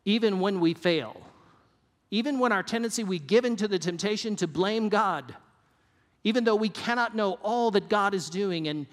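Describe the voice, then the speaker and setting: Earnest male preacher, high voice. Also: a bit bright, in a large hall. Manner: earnest, varies pace and drops low for emphasis. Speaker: pastor. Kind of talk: sermon.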